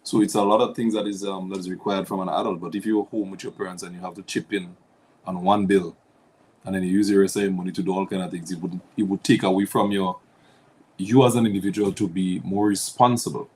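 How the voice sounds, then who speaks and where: A man calls into a talk show as a guest. His voice sits very low, and he speaks in a measured, hesitant way, filling gaps with ums. Faint noise hangs on the line. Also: fairly even intonation, darkish tone.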